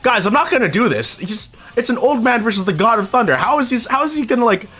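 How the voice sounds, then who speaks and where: A man's voice: extremely high pitch, sing-song, fast talker, bright, forceful tone, breathy edge, pitched above the performer's own voice, heavily acted. A man putting on the voice of a boastful thunder god wrestler who sounds blustering and mock-reluctant.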